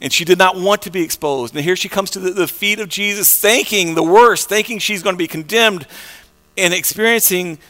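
A pastor preaching a conversational sermon, repeating words and swinging between soft and loud passages. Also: male voice, high voice, fairly quick, long reverb tail.

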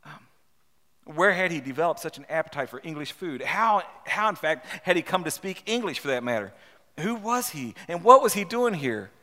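A man preaching a storytelling sermon, halting and repeating words as he asks rhetorical questions and reads aloud from a book. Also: fairly high pitch, very animated, bright, forceful tone. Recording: long hall reverb.

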